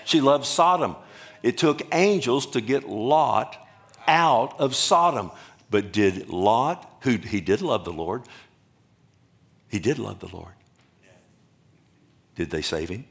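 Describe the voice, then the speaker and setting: A male pastor in the middle of a sermon, with a voice of ordinary, middling pitch. He keeps asking his listeners questions and then answers them himself. Now and then he slips in a joke. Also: lively intonation, slow pace, gravelly, long pauses. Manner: jokes and laughs with the congregation.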